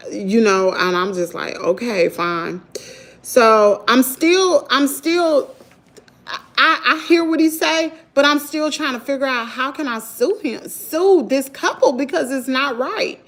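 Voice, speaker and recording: A middle-aged woman with a Southern US accent, telling a story to her viewers in an animated, chatty way. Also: sits high, measured pace. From Mississippi, US. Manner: animated, talks to viewers as "y'all". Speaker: vlogger. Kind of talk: casual storytelling.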